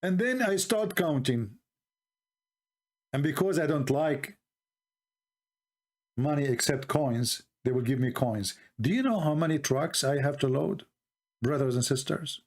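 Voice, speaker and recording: Speaking at a measured pace with long pauses, a Middle Eastern man with an Arabic accent and a fairly high voice rambles through an ironic, mocking monologue. He's an online commentator, and his tone is sarcastic throughout.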